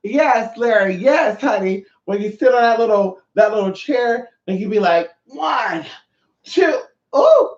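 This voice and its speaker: Sassy guy in his 30s livestreaming, lots of pitch swings, roomy dull audio. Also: normal speed, hardly any pauses. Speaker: livestream host. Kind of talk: casual livestream chat.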